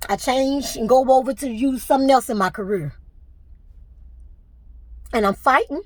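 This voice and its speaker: Teary middle-aged woman venting to her camera, kinda high voice, dry sound. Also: normal speed, a little mellow, no echo. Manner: tearful, fighting back crying. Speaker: vlogger. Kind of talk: emotional personal venting to camera.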